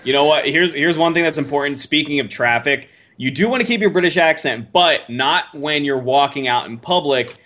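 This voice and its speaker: Bright-voiced man ranting jokingly. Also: on the high side, normal speed, hardly any pauses. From United States. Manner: crude, joking rants with laughter. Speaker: podcast co-host. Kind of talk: casual chat.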